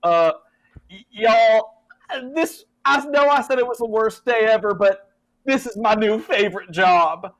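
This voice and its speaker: A man's voice: high voice, unhurried, voice pushed up, rough recording. A man doing a yelping, panicky doomed guy. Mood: giddy. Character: hapless wisecracking man mauled by creatures.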